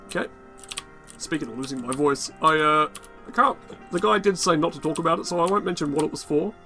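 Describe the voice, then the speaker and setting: Raspy-voiced man muttering through gameplay. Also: fairly high pitch, pushed and bright. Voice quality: raspy, worn-out voice. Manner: rambling, swears often, mutters to himself. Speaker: gaming channel host. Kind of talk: casual gameplay commentary.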